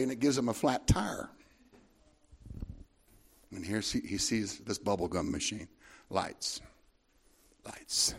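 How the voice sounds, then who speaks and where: A man's voice: on the high side, vocal fry, slightly rough. A man preaching a sermon, telling a long anecdote in a rambling way with frequent asides to the congregation. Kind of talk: sermon storytelling.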